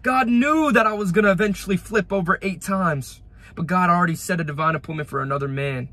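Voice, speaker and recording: A man's voice: high voice, fast talker, sharp tone. A young man in his late teens gives an emotional spoken testimony, retelling events fervently with repeated phrases and restarts, outdoors by a roadside ditch. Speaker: young Christian giving a testimony.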